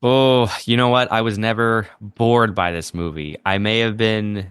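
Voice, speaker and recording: Wry, low-voiced man on a podcast. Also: steady tone, a little slow, fairly bright tone, smooth, no echo, studio quality. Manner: wry, sardonic, quotes lines with mock voices. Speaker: podcast co-host. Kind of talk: casual movie review chat.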